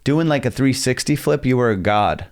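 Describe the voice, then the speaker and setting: Man, gravelly voice, loose casual podcast talk, curses freely, studio mic. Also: mid-range voice, expressive, moderate pace. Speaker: podcast guest, comedian.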